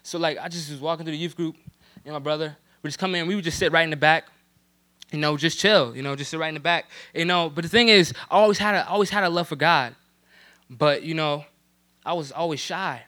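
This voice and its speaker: Young man from New Jersey, high bright voice, loose slangy testimony full of fillers. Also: a little fast. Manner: casual street slang, many fillers like "you know what I'm saying". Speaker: church youth member giving testimony. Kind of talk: personal testimony.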